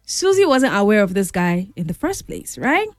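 A young woman telling a story in a chatty, animated, dramatic way. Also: mid-range voice, moderate pace, no echo, clean studio sound, faint music behind. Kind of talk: casual storytelling to camera.

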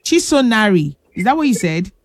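A woman's voice: mid-range voice, big pitch swings, fairly quick. A woman hosting a children's radio call-in show, playful and teasing, laughing often and calling the callers pet names. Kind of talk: lively radio call-in chat.

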